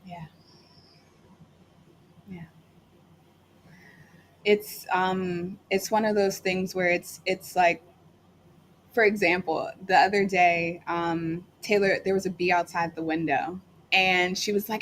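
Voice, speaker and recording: A woman's voice: mid-range voice, steady tone, moderate pace, fairly bright tone, a little hiss or hum. A middle-aged woman, a guest on a talk show, chatting and telling stories with lots of fillers. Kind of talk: casual talk show conversation.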